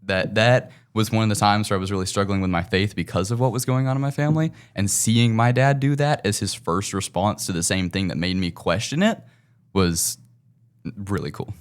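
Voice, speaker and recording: Teen male guest, smooth low voice, earnest, articulate, easy laugh. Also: steady tone, a little fast. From Tennessee. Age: teens. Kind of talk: casual interview chat.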